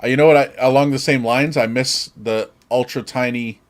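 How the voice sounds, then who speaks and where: A man's voice: mid-range voice, steady tone, normal speed. A man co-hosting a podcast in casual chat, easygoing, swearing casually as he talks about old gadgets. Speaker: podcast co-host.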